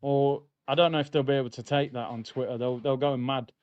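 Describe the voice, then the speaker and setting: A young man hosting a live football watchalong, chatting in slang and getting loud at big moments. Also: medium pitch, steady tone, fairly quick, no echo, dull audio. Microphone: streaming mic.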